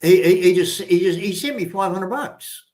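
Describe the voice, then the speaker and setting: A man's voice: sits high, animated, normal speed, a little mellow. An older Australian man hosting a casual livestream chat, rambling and often repeating and restarting his words. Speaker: livestream host.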